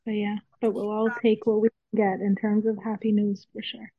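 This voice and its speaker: A woman's voice: mid-range voice, completely flat delivery, normal speed, no room sound. A woman in a casual discussion who speaks hesitantly and carefully, with several restarts. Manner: hesitant, restarts before a serious point. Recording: dull, dry sound.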